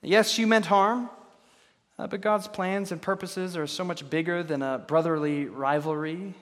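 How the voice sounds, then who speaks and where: A slightly high-voiced man delivers a sermon from the pulpit, measured and earnest, often asking rhetorical questions. His voice rings with the long reverb of a large church hall. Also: steady tone, a bit bright. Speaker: pastor. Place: church sanctuary.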